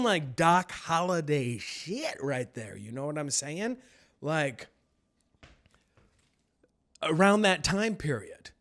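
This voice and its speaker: Rambling, crude-joking man hosting a podcast. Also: fairly high pitch. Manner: rambling, crude, jokey, swings between loud outbursts and muttering. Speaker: podcast host. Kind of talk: casual solo podcast commentary.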